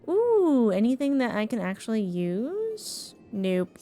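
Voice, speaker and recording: A woman's voice: on the high side, big pitch swings, slow, dark tone, soft background music. A woman streamer chatting casually as she plays, reacting to the game and thanking her chat. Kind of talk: casual live-stream commentary.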